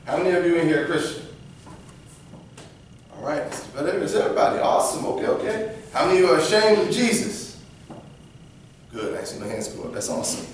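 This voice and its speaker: A man with a slightly high voice leads a lively Bible lesson for kids, quizzing the class and acting out little scenes. He is heard from a camera well back in a very echoey church room, with faint noise behind. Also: fairly quick, distant mic. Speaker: church youth teacher.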